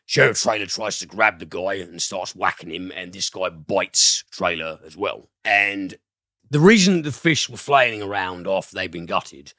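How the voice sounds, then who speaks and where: Deep-voiced, swearing podcast film reviewer. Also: male voice, animated, normal speed, pushed and bright, dry recording, clean studio sound. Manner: rambling and swears freely, with many fillers. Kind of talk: casual film review chat.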